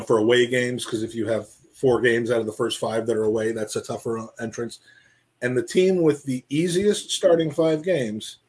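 Husky man chatting football. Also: medium pitch. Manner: rambling, repeats words, animated. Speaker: podcast co-host. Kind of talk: casual football chat.

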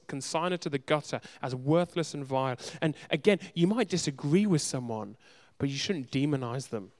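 A man preaching a sermon with emphasis, firing off rhetorical questions and repeating words for stress. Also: on the high side. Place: church in a city.

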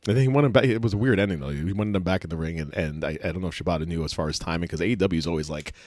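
A man co-hosting a casual chat show, excitable and halting, full of fillers and restarts. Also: deep voice, no room sound. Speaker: podcast co-host.

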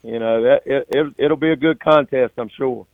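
A high school football coach, a man with a gravelly, creaky voice, talks haltingly with many fillers and restarts. He is heard over a tinny, narrow phone line. The sound is dry and close. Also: no echo. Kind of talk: postgame phone interview.

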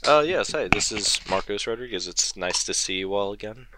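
A man co-hosting a casual podcast, easygoing and quick to agree. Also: fairly low pitch, expressive, heavy background noise. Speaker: podcast co-host.

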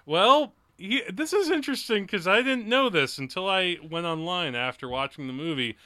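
A podcast co-host chats casually about movies, rambling with lots of fillers and frequent laughs. His voice is high and sharp with lively intonation and a normal speed, and the recording is dry.

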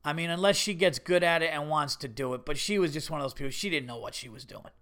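Animated, cursing male storyteller. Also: a little high, fast talker. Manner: animated, swearing, rising to indignant bursts. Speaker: podcast host. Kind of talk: casual storytelling monologue.

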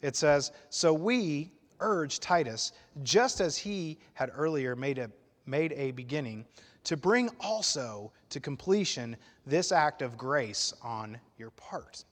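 A man preaching a sermon to his church, emphatic and animated, swelling loud at his peaks and dropping quiet after. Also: on the high side, slow, big-room sound. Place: church sanctuary.

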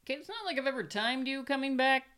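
A woman's voice: high-pitched, animated, quick pace, bright, forceful tone, faint music behind. A woman co-hosting a podcast, chatting casually about a picture book and teasing her co-host playfully. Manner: playful, teasing, argues jokingly.

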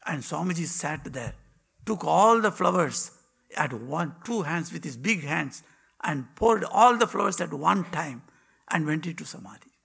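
Gravelly man telling devotional stories. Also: fairly high pitch, expressive. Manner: dramatic pauses, drops to a hushed whisper. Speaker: monk giving a spiritual talk. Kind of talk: devotional storytelling.

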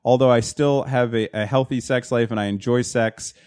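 A man's voice: mid-range voice, steady tone, normal speed, a little mellow, clean tone. Rambling, joking man in crude chat. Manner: rambling, joking, self-deprecating.

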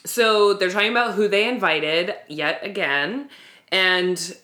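Recapping a TV episode on the podcast she co-hosts, this woman talks a little slowly in a mid-range voice with a bright, forceful tone. The chat is casual and candid, and she's quick to laugh.

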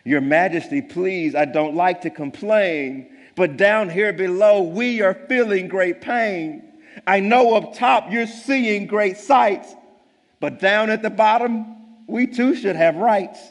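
A man's voice: sits high, slow pace, big-room sound, pitched above the performer's own voice. A man reading the lines of a small, humble turtle who pleads meekly in a rhyming storybook. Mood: pleading. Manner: meek, pleading.

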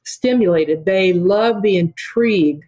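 A woman's voice: mid-range voice, measured pace, dark tone, low-quality recording. An older woman, a podcast guest, talking in an enthusiastic and emphatic way. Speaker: veterinary dean, podcast guest. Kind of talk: conversational interview.

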